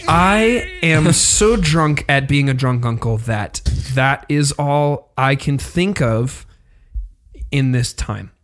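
A man playing a bearded drunk uncle applying for a job, with a deadpan, halting delivery. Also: medium pitch.

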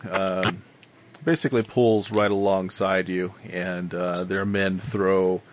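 Low-voiced man narrating as game master. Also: fairly even intonation. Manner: measured, full of filler pauses.

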